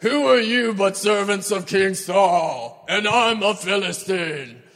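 A man voicing a boastful giant warrior who shouts a slow, loud challenge across a valley. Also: creaky, exaggerated voice. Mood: defiant. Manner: loud, slow, booming taunts. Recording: long hall reverb.

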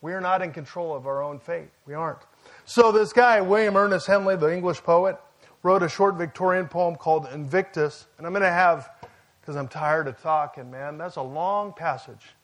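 Pastor, man, higher voice, relaxed conversational sermon with asides. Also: normal speed. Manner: conversational preaching with jokes and asides.

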